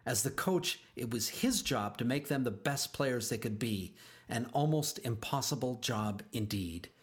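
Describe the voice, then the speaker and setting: A man reads a children's storybook aloud at a middling pitch. He is expressive and drags out key phrases for emphasis. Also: measured pace. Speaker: narrator.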